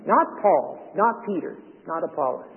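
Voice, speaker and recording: A man preaching with emphasis in a fairly high voice, driving his points home with repetition and rhetorical questions. His sermon comes through a thin, phone-like radio broadcast with a long reverb trailing behind each phrase. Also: lively intonation, moderate pace, vocal fry.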